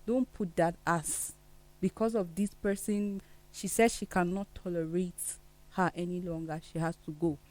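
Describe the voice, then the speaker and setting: A guest on a studio discussion show, telling a story in an animated way. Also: medium pitch, unhurried.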